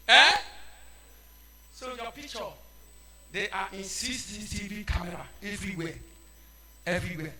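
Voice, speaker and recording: A man with a Nigerian accent preaching a sermon, shouting and switching into Pidgin. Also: high voice, animated, moderate pace, pauses often.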